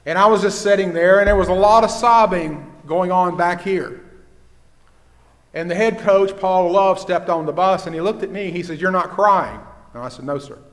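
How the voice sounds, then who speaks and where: An older man, a pastor preaching a sermon and telling stories, dropping his voice low for quoted dialogue. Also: normal speed. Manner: storytelling, with hushed quoted dialogue. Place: church sanctuary. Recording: long church reverb.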